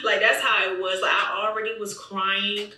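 A woman's voice: medium pitch, normal speed. A young woman vlogger telling a storytime, animatedly acting out what people said to her. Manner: animated retelling, acting out quoted dialogue. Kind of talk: storytime vlog. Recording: echoey room, voice distant from mic.

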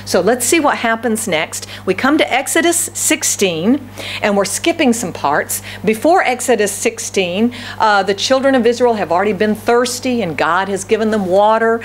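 A woman's voice: on the high side, expressive, normal speed, slight background noise. A woman pastor giving a conversational sermon, often asking the congregation questions. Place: church service.

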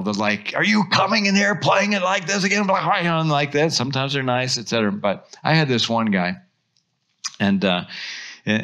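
A man, a pastor, preaching a sermon, swinging between animated emphasis and soft hushed asides. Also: lowish voice.

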